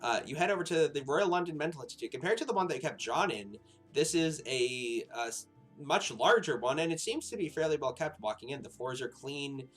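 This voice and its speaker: A man's voice: a little high, animated, a little fast, fairly bright tone, husky, soft background music. Man narrating as game master. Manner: rambling with frequent fillers and laughs. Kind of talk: narrating a tabletop horror game.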